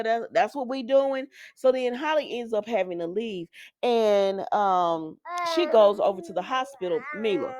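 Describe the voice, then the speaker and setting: A woman's voice: mid-range voice, darkish tone. A woman recapping a soap opera episode in a casual, opinionated and colloquial way, laughing often.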